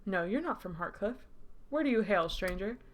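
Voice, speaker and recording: A woman's voice: mid-range voice, expressive, moderate pace, lightly acted. Woman reading as a jaded drawling city guard. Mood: dismissive.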